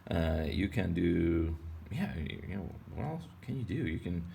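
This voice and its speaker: A man's voice: sits low, sing-song, measured pace, creaky, mellow, a little hiss or hum. A man from Texas giving a casual drawing lesson for kids, rambling and playful as he goes. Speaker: art teacher.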